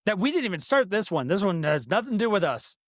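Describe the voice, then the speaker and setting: Co-host voice, animated, supportive interjector, dry sound. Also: mid-range voice, fast talker, dry recording. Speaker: podcast co-host. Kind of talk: casual chat, reacting.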